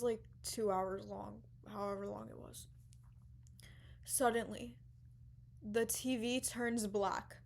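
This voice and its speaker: A young woman vlogger casually telling a dramatic personal story, animated, swearing now and then and dropping into sudden whispers. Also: fairly high pitch, gravelly, a little hiss or hum.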